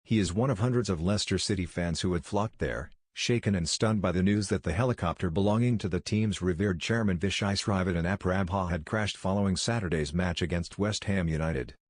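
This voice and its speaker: A man reading a scripted news report in a measured, solemn way. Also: sits low, no echo, studio quality. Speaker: news narrator.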